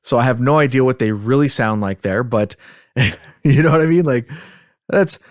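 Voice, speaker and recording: A man's voice: medium pitch, normal speed, dry recording. A man hosting a podcast in casual chat, rambling and chuckling, a little self-deprecating, on a close mic. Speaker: podcast host.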